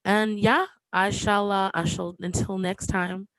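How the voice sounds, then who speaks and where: A woman's voice: mid-range voice, flat delivery, unhurried, a bit bright, no room sound, poor audio. A woman in her thirties hosting a podcast, talking candidly and with emotion, joking now and then, with many fillers and restarts. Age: 30s. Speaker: podcast host. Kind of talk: casual podcast monologue.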